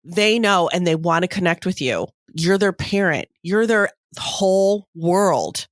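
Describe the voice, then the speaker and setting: Chatty woman podcast host, lower voice. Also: a little slow, no echo, studio quality. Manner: animated storytelling with many fillers. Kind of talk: casual chat.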